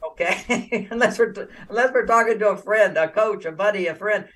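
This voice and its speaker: Heard a bit off-mic and far away, an older American man with a high voice talks a little fast as a relationship author in a casual interview. He's animated, laughs a lot, and performs the quoted dialogue in his storytelling.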